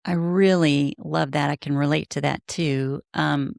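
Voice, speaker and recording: Gravelly-voiced woman podcast host. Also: low-pitched, fairly even intonation, a little slow, a little mellow, no room sound, clean studio sound. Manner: thoughtful, searching questions. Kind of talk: podcast interview.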